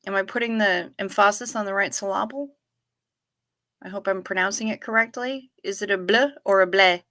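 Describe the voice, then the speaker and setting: A woman hosting a casual livestream, reading viewer comments in a gentle, sympathetic way. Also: mid-range voice. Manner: slow, gentle and sympathetic, talking to chat. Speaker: livestream host.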